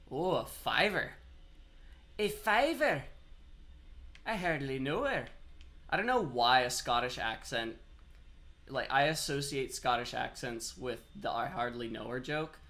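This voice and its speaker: A man's voice: medium pitch, bright, forceful tone. A man on a headset mic giving casual live game-stream commentary, chatty and rambling as he answers chat while he plays.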